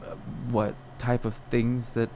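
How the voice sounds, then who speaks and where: Alone on his podcast, a young host reflects on personal matters, wandering and second-guessing himself with lots of fillers and false starts. He speaks unhurriedly in a medium-pitched, darkish voice with a completely flat delivery, over slight background noise.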